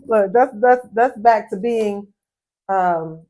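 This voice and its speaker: A woman's voice: mid-range voice, slow. Chatty woman podcast co-host. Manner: animated, repeats words when starting. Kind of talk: casual chat.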